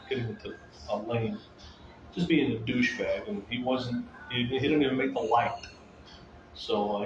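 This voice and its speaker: Male streamer, agitated and rambling monologue; loud background ambience. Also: medium pitch, background noise. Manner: repetitive, circling back to the same phrases; agitated, ranting. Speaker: livestreamer talking to viewers. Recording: echoey, muffled, with loud room ambience.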